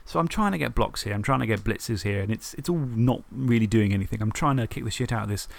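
A man on a podcast, telling the story of a tabletop game match in a lively way, swearing and acting out his own thoughts. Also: lowish voice, fast, gravelly. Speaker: podcast co-host. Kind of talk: casual tabletop game recap.

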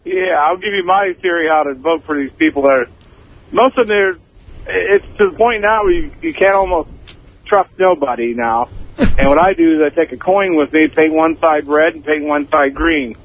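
A man's voice: a little high, normal speed, phone-quality sound. A man calling in to a radio show, rambling in loose informal speech. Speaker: caller. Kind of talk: radio call-in.

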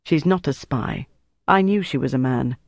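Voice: mid-range voice, normal speed, creaky, dry recording, clean studio sound, close to an everyday voice. An audiobook reader voicing a commanding young woman who leads a wartime team, firm and impatient. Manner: firm and bossy.

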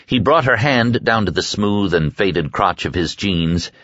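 In a deep, low register, a man narrates an audiobook script at a steady, measured pace. The audio sits close to the mic and is completely dry, with a dull, lo-fi quality and no trace of the room.

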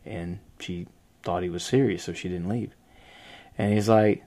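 A man's voice: lowish voice, steady tone, a little fast, a little mellow. A man hosting a casual podcast chat, rambling, trailing off and laughing often. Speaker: podcast host.

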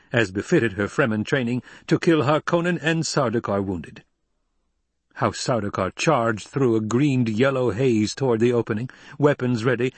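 Man, audiobook narrator, husky, dry, steady. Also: medium pitch, no echo. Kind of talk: scripted narration.

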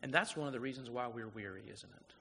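A male guest pastor giving a sermon, telling stories and swinging from loud urgent passages to soft quiet ones. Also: mid-range voice, quick pace, slight background noise. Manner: storytelling, rising to loud urgent passages then dropping soft. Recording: long hall reverb.

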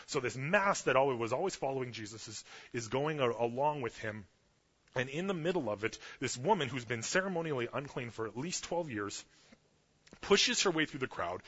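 A young man preaching a casual storytelling sermon, chatty and animated, loudly acting out the quotes. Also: mid-range voice, breathy edge. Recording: muffled lo-fi sermon recording.

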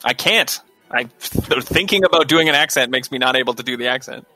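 Bright male player, mid pitch, chatty and jokey, soft music behind. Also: fairly quick, no echo. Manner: jokey, rambling. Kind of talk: casual chat at a game table.

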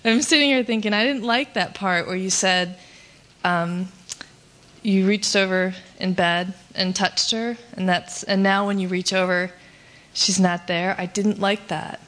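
A woman's voice: mid-range voice, fairly even intonation, unhurried, fairly bright tone. A woman in a workshop group voicing an objection in an uncertain, rambling way. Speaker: workshop participant.

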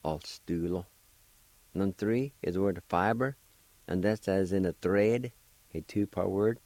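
A man with a very low, warm voice takes his time. He spells and sounds out words letter by letter and encourages his listeners. The sound is close and dry, with no room around it. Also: dry recording. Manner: slow, patient, encouraging. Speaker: language teacher and radio host. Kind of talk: spelling and pronunciation lesson.

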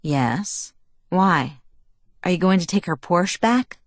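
A woman reading the lines of a calm, protective young man in a soft, measured, reassuring way, recorded on a close studio mic. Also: lowish voice, no room sound. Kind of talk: audiobook dialogue reading.

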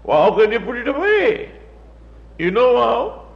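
Slow, high-voiced man preaching. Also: big pitch swings, gravelly. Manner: repetitive, emphatic preaching with mocking asides. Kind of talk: sermon. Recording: dull, echoey room sound.

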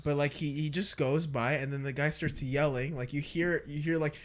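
A man's voice: on the high side, steady tone, normal speed. A man hosting a casual podcast, telling rambling stories and laughing often as he talks. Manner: rambling storyteller, laughs a lot. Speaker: podcast host.

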